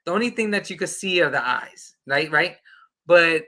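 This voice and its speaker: A man, a podcast guest, telling an excited casual anecdote and acting out the dialogue. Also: on the high side, moderate pace.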